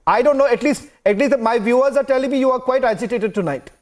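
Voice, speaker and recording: A man with an Indian English accent anchors a heated TV debate, his voice sitting very high. He cuts in repeatedly and keeps repeating himself to rein the guests in. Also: fast, a little mellow. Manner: interrupting, repeating commands to hold on.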